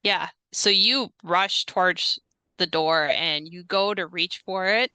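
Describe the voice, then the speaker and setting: A young woman narrating a tabletop horror game as game master, measured and unhurried, with frequent hesitant fillers. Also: fairly low pitch, pushed and bright, clean tone, no room sound.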